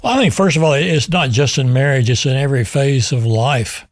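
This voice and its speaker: A man's voice: mid-range voice, fairly quick, dry recording, studio quality. An older man, the author being interviewed, answering in an easygoing, thoughtful way. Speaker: guest author.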